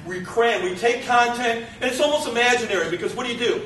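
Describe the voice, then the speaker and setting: Male college instructor, high voice, playful lecture style, roomy distant classroom sound. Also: fast talker, few pauses, slight background noise. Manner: lively, joking, acts out students' voices.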